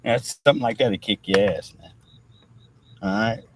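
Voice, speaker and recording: A man's voice: lowish voice, normal speed, background noise. Rambling, profane male livestream commentator. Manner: profane, filler-heavy, repeats "all right" constantly.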